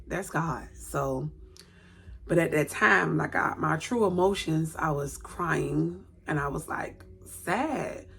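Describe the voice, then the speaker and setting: A woman's voice: deep voice, vocal fry, a bit bright, breathy edge. A woman in her late thirties telling a personal story on camera at home, repeating words for emphasis and acting out what people said. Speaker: vlogger. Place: indoors at home, by a light.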